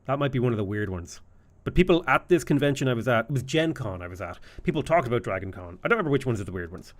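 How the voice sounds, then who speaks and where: A man's voice: medium pitch, lively intonation, fast talker. A man with an Irish accent giving live gameplay commentary and trading jokey banter with his chat. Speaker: streamer.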